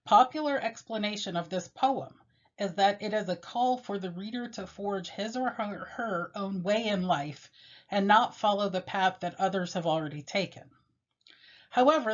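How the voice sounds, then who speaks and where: A woman teacher giving a measured, explanatory lecture on a poem, pausing often with fillers along the way. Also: mid-range voice. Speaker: literature teacher. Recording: dull lo-fi recording.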